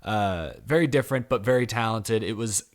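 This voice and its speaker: A young man hosting a relaxed podcast, his voice sitting fairly low. He rambles in an easygoing, self-deprecating way, with lots of fillers and small restarts. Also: a little fast. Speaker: podcast host. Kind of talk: casual podcast chat.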